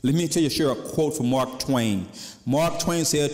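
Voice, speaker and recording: A pastor delivers his sermon conversationally at a moderate pace, his tone a bit mellow and his voice slightly high for a man. The church lends it a long reverb, and occasionally he voices the people he quotes.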